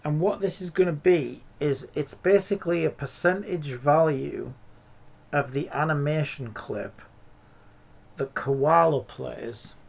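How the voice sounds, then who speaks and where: Casual male streamer, slightly high, gravelly voice, rambling think-aloud delivery, faint typing behind. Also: slow pace. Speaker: streamer and indie game developer. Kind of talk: casual live-stream commentary while coding.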